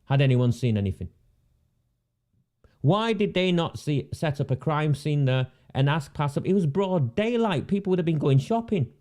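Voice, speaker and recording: A man's voice: a little high, animated, moderate pace, darkish tone. A man, delivering a sarcastic, indignant rant and repeating phrases for emphasis. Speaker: independent political commentator. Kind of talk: ranting monologue.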